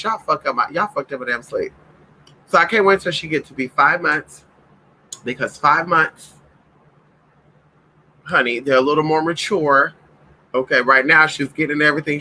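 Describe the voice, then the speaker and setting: A man's voice: fairly high pitch, sharp tone, low-quality recording. A man chatting casually in a home vlog, sassy and profane, talking to viewers and calling his dogs. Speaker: vlogger.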